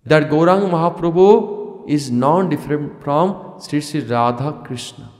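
A man's voice: fairly high pitch, a little slow, darkish tone. Man lecturing in an echoey hall. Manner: repeats and asks rhetorical questions, chants verses. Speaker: spiritual teacher. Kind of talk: devotional lecture. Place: ashram hall.

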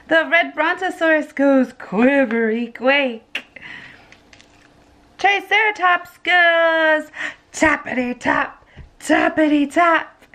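Woman, mom, picture-book read-aloud, sing-song, playful animal noises, high voice, unhurried. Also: expressive, sharp tone. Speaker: mother reading to her toddler. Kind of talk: reading picture books aloud.

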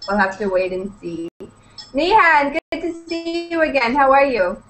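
A woman's voice: high-pitched, animated, takes it slowly, a bit bright, soft background music, rough recording. A young woman from British Columbia, cheerfully welcoming students one by one as an online English conversation teacher. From British Columbia, Canada. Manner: cheerful and welcoming, greets each student in turn. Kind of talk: upbeat online class chat.

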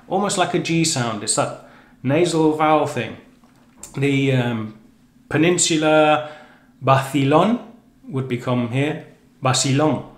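A man's voice: medium pitch, roomy sound. A man explaining the features of a language in a chatty, self-correcting way, with frequent restarts. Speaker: language teacher. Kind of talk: educational explainer. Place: living on the Canary Islands.

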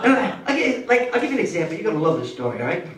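An older man performing a stand-up routine, telling an animated story and drawing out slow, savoring passages. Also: high-pitched, heavy background noise. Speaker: stand-up comedian. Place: comedy club stage. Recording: roomy club sound from a distance, loud audience. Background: audience laughter.

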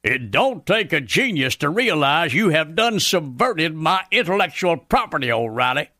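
Brief: a man voicing a grumpy redneck radio commentator, drawl, bright and forceful, rather high-pitched. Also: sing-song, normal speed, no room sound, studio quality. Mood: ranting. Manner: folksy, ranting, ungrammatical drawl. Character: loudmouthed folksy redneck male commentator, middle-aged, grumpy. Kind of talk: scripted radio comedy rant.

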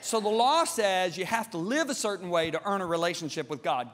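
A middle-aged man preaching a sermon, emphatic and animated, swinging between loud and hushed delivery. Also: high voice, fairly quick, hardly any pauses. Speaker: pastor. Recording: long hall reverb.

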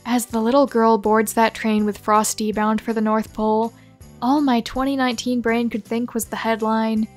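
A woman with a fairly high voice reads out comic reviews in a dry, deadpan way, each line landing with a sardonic edge. Faint music plays softly underneath. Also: moderate pace. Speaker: video narrator reading reviews. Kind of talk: comic narration of read-out reviews.

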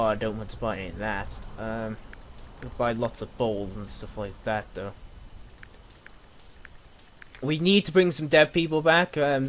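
A man's voice: medium pitch, a bit bright. A young man talks his way through a video game, rambling and joking. He scolds and teases the characters on screen. His voice sits in an ordinary middle range for a man. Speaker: gamer. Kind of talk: casual let's play commentary.

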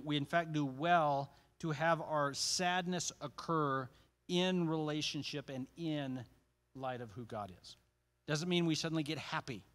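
A man's voice: on the high side, a bit bright. A man leading a church Bible study in a casual, conversational teaching style, with joking asides and frequent restarts.

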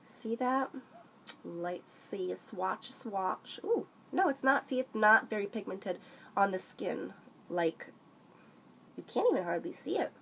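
A young woman chatting excitedly through a makeup haul, often breaking into snippets of song and playful put-on accents. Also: mid-range voice, unhurried, gravelly, a little hiss or hum, low-quality recording. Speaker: beauty vlogger. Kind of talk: casual makeup haul chat.

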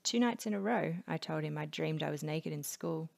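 A woman reading a novel aloud in a steady, low-key way, dropping to a whisper in places. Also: normal speed, gravelly. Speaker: audiobook reader.

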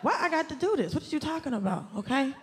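A woman from the doing stand-up comedy, animated and exasperated, shouting her punchlines. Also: high voice, fast talker, heavy background noise. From Southern US, Atlanta. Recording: club stage mic with loud crowd laughter. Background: audience laughter and ambience.

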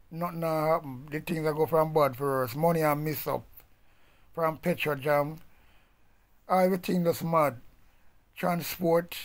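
A man's voice: on the high side, darkish tone. A man with a Jamaican accent delivering a blunt, profane ranting monologue in patois. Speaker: vlogger.

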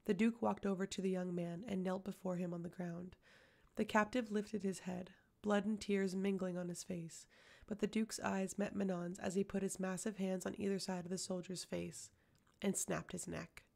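A woman narrates an audiobook in a steady, unhurried way. Her voice is gravelly with a flat, level melody. She sits at a medium pitch. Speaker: audiobook reader.

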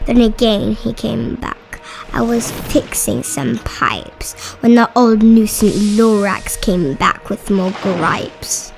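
Slow, high-voiced woman reading a storybook. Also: steady tone, vocal fry, a little mellow, faint music behind. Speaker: storybook reader. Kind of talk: children's read-aloud narration.

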